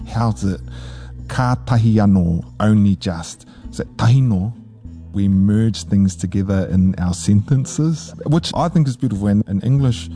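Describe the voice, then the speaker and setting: A young man with a Northland New Zealand accent talks in an easygoing, casual way, mixing Māori into his English. His voice sits low and sounds very dark and mellow. Faint music plays under him. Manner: relaxed, laughs easily, switches between English and Māori. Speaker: guest. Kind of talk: casual storytelling interview.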